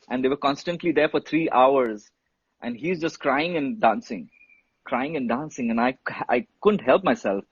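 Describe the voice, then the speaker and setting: Husky, animated man telling stories. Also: mid-range voice, no room sound. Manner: animated, swears freely, says bro and dude. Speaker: guest telling a story. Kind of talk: casual storytelling on a live stream. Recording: dull, muffled sound.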